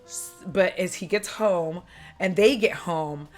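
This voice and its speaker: A woman recapping a film in a casual chat, animated and chatty, acting out lines and laughing as she goes. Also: lowish voice, slow pace, soft background music. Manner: acts out characters' lines and sound effects.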